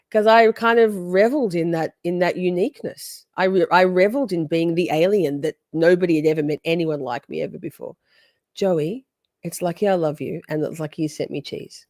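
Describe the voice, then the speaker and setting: A woman's voice: lowish voice, moderate pace, darkish tone, no room sound, clean studio sound. A woman in her forties hosting a casual livestream, teasing her chat and swearing freely. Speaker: livestream host.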